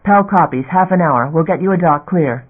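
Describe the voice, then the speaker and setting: A male narrator voicing a desperate station master who shouts and pleads under strain. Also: on the high side, moderate pace, slightly rough. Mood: pleading. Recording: narrow phone-like audio.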